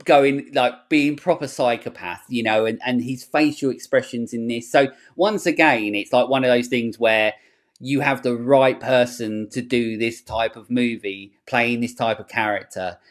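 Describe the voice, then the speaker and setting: A man hosting a podcast, chatting casually in a rambling, animated way and swearing freely. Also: medium pitch, moderate pace. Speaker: podcast host. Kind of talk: casual chat.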